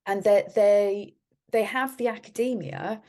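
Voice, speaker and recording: A woman's voice: mid-range voice, lively intonation, measured pace, gravelly, a little mellow. A woman guest in an interview, speaking in a friendly way with frequent laughs and many restarts. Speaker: guest, art curator.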